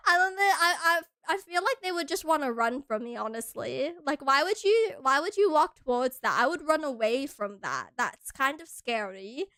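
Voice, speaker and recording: A young woman from Hawaii chats with her stream in a bubbly, giggly way that keeps tipping into squeals. Her voice sits high and sparkles with a bright, forward tone. The recording is dry and close, with no room sound. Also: sing-song, normal speed, hardly any pauses, dry recording. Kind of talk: casual stream chat.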